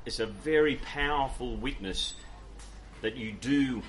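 A man's voice: medium pitch, a little slow, fairly bright tone. A man from Ireland preaching a sermon and answering audience questions in an earnest, conversational way, with many fillers and restarts. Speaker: pastor.

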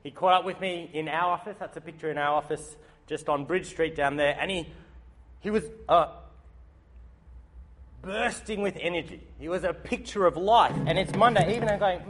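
A man giving a sermon, telling a story in a lively, humorous way. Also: fairly high pitch, moderate pace. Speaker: preacher. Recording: faint background noise.

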